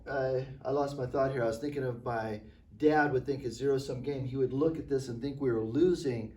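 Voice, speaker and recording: A man's voice: mid-range voice, darkish tone. A man teaching a class, talking casually and often checking in with the students. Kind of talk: classroom lecture. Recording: echoey classroom, voice from far off.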